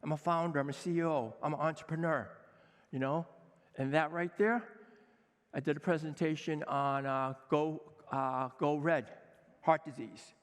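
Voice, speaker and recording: A man in his sixties, a chef giving an energetic, emphatic conference talk, acting out quoted dialogue. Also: a little high, moderate pace, clear, resonant tone. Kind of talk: conference speech. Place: conference hall with a seated audience. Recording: long hall reverb.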